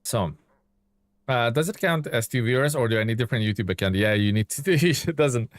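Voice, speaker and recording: A man's voice: mid-range voice, fast talker, no room sound. A man streaming a truck-driving game live, giving laid-back, chatty commentary and reading viewer chat aloud.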